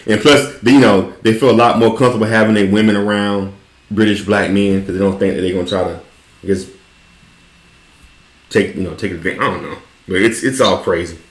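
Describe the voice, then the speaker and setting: A man's voice: fairly low pitch, fairly even intonation, a little fast. Casual, profane man in an echoey room. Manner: loose, profane, laughs often. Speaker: host. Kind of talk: casual podcast chat.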